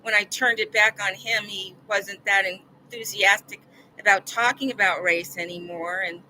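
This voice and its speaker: A woman's voice: medium pitch, fairly even intonation, normal speed, pushed and bright, a little hiss or hum, rough recording. An older woman vlogging, telling a personal story in an earnest, rambling way that repeats words when she gets upset.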